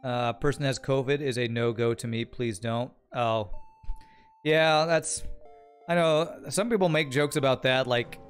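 Male streamer, casual rambling game commentary, mid-pitched, faint music underneath. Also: fairly even intonation, measured pace. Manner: chatty, rambling, thinks aloud. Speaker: streamer playing a strategy game. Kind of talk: casual gameplay commentary, reading chat.

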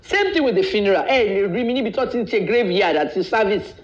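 High-voiced boastful man ranting on a live stream. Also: animated, fast talker. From Nigeria. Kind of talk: code-switching live video rant. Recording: echoey, dull live-stream audio.

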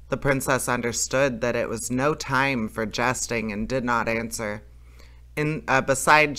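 Man, fairy tale read-aloud, bright tone, homespun delivery, occasional slips and restarts. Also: mid-range voice. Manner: plain unpolished reading with small slips and self-corrections. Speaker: storyteller reading aloud.

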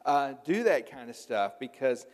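A man's voice: mid-range voice, sing-song, measured pace. A middle-aged male pastor from southern Illinois with a slight Southern accent, preaching in a folksy, conversational way full of filler words. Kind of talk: sermon. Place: church sanctuary. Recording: reverberant church hall.

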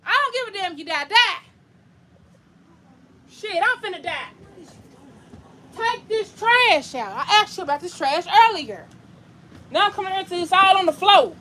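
A woman vlogger rants bluntly and profanely into her phone at home during a livestream. Her voice sits very high and rings bright and sharp. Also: animated, moderate pace, long pauses, slight background noise. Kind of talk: casual livestream rant.

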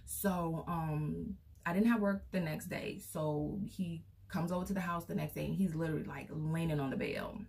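A young woman vlogger tells a personal story casually and in a rambling way, filling the gaps with fillers. Her voice sits low, with a gravelly fry, and it sounds as if it is picked up from some distance away from the mic. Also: steady tone, moderate pace, few pauses, darkish tone.

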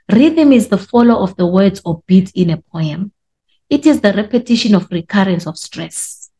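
A woman teaching a class, explaining slowly with repetition and stretched words for emphasis. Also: lowish voice, dark tone. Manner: explanatory, repeats points and drags out words for emphasis. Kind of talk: classroom lesson.

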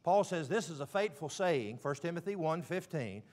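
A man preaching a sermon, stressing words slowly and dropping suddenly to a hush. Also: fairly high pitch, lively intonation. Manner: emphatic, with slow drawn-out stresses and sudden quiet drops.

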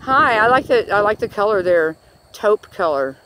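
A woman's voice: mid-range voice, lively intonation, moderate pace, fairly bright tone, rough recording. A woman giving a rambling religious rant outdoors in a rural pasture, breaking off to coo at the cows around her. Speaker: religious vlogger. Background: wind and animals.

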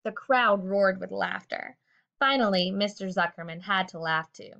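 A woman narrating a children's book aloud with a steady, expressive reading. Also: medium pitch, moderate pace, vocal fry. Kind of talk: storybook read-aloud. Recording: dull lo-fi recording.

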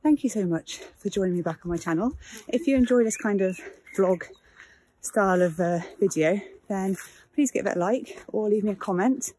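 A woman's voice: normal speed, warm tone, slightly rough. A woman vlogging casually, chatting and talking to her dogs, out of breath while walking outdoors. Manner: chatty, talks to her dogs in a high baby voice. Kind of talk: casual vlog chat.

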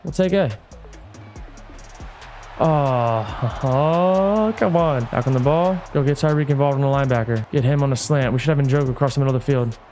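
A man giving hyped, excitable commentary on his own football video game play, coaching himself and yelling at big plays. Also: medium pitch, normal speed, faint music behind. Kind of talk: hyped live gameplay commentary.

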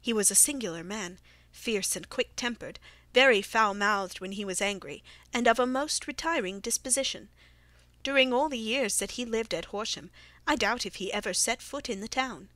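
A woman reads a classic mystery audiobook aloud in a measured, even manner. Her voice sits a little high, and the recording is dry and close with no room sound. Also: dry recording. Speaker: audiobook reader. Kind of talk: scripted narration.

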